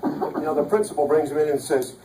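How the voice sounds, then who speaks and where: A man's voice: fairly high pitch, brisk, warm tone, a little hiss or hum. A man giving an emphatic motivational speech to an audience, telling his life story and repeating key lines. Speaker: motivational speaker. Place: large event hall. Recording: echoey hall, mic from a distance.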